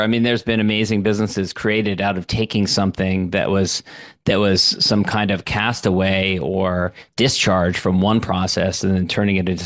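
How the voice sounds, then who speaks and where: A male podcast host with a somewhat low voice, speaking with eager, conversational enthusiasm. His sound is dry and close, with no room around it. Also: gravelly, no room sound. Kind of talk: interview podcast.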